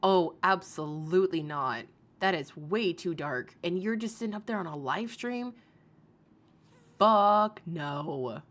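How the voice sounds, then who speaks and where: A woman's voice: lowish voice, lively intonation, slow, a bit bright. A woman hosting a casual commentary live stream, swearing freely, laughing often and reading viewers' comments aloud. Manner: profane, laughing, reads chat aloud.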